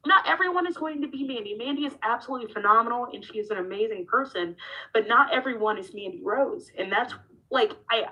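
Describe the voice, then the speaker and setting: This thirtysomething professional wrestler acts out the conversations in her story during a lively, candid interview, her tone shifting from line to line. Her mid-range voice carries a breathy edge, and the audio is poor.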